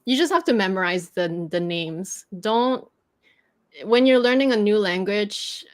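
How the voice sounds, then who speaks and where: A woman's voice: mid-range voice, animated, measured pace. A woman whose first language is French, patiently teaching pronunciation in a casual livestream chat. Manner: patient, explains at length with restarts.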